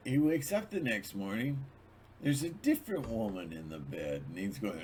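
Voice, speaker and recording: A man's voice: lowish voice, big pitch swings, normal speed, darkish tone, slightly rough. A man hosting his own channel, talking in a rambling, digressive monologue with many restarts. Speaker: channel host.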